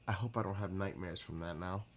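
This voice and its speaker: Low-voiced and brisk, this livestream host reacts to viewer comments in a casual chat, exclaiming and laughing often in an excitable way. There's a little hiss or hum in the audio.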